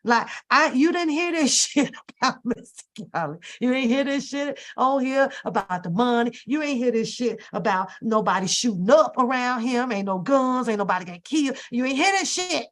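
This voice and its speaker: A woman hosting a casual live stream, speaking. She talks in an animated, exasperated way and rants about whatever annoys her, with plenty of profanity. Her delivery is loose and conversational, like she is talking straight to her viewers. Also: fairly high pitch, moderate pace. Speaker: host.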